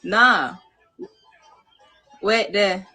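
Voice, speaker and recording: A woman's voice: medium pitch, extremely slow, pushed and bright, soft background music. A woman born in New York with a Jamaican-American accent, talking passionately on a livestream panel, emphatic and repetitive, swearing casually. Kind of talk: impassioned livestream talk.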